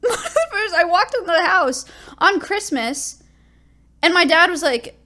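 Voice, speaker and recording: A woman's voice: very high voice, very animated, slow, bright, forceful tone. A young woman streamer telling rambling, self-deprecating stories in a casual chat.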